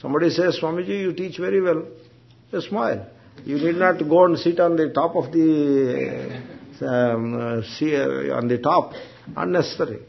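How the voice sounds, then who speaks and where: A man, a monk teacher giving an unhurried, gentle spiritual discourse. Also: a little high, creaky. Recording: dull lo-fi recording.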